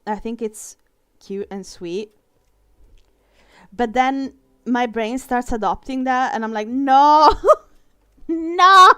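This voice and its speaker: A young Italian-accented woman chats unhurriedly as she draws, her voice smooth and clean. She pokes fun at herself and laughs easily. The sound is close and dry, with no room around it. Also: on the high side, steady tone, slow pace, dry recording. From Italy. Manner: chatty, self-mocking, laughs often. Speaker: illustrator live-streaming a drawing session. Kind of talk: casual chat while drawing.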